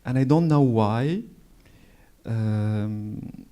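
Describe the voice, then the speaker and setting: Halting Moroccan-accented man, slow and dark. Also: lowish voice, smooth. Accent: Moroccan French. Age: 40s. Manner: hesitant, halting, frequent fillers. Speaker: author. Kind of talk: reading his own prose at a public event. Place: public library event hall.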